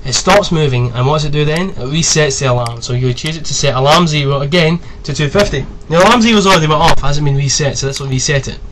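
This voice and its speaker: Brief: young man in his twenties, higher pitch, casual swearing tutorial host, faint background hiss. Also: fast, hardly any pauses. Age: 20s. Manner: chatty, rambling, swears freely. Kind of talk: casual screen-recorded tutorial.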